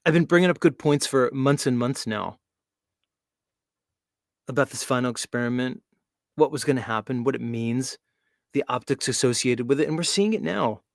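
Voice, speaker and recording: A man's voice: mid-range voice, normal speed, creaky, long pauses, dry recording. A man hosting a show, talking casually in a mocking, rambling way. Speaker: host. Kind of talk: casual livestream talk.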